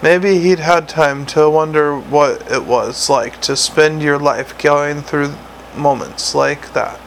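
A man narrates a novel in a gravelly, slightly raised voice. He reads steadily, correcting small slips as he goes. A faint hiss runs under the recording. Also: fairly high pitch, slow, poor audio. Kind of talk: audiobook narration.

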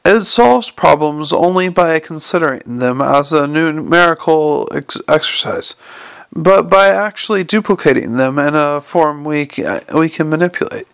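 A man voicing an excitable, long-winded male inventor who lectures eagerly and trips over his words, in an audiobook reading. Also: on the high side, a little slow, creaky, clear, resonant tone, no room sound. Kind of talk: audiobook character voice.

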